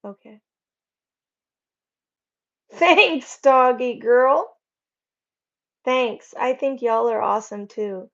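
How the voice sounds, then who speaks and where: Slow-talking woman chatting on a livestream. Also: on the high side, lo-fi sound. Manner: chatty, rambling, warm toward viewers. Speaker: livestream host. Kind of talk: casual livestream chat reading comments. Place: home.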